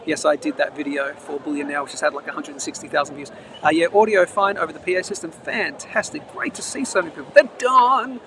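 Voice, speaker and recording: A man's voice: on the high side, fairly even intonation, fast talker, creaky. A man hosting a live bullion market show, reading news aloud with chatty asides, recorded outdoors. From Australia. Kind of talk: casual live-stream chat and news reading. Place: outdoors near traffic, between trains. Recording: noisy outdoor live stream.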